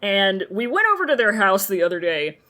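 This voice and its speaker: A woman's voice: medium pitch, big pitch swings, a little fast, sharp tone. A woman co-hosting a podcast, chatting casually and animatedly, swearing and laughing often. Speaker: podcast co-host. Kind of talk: casual chat.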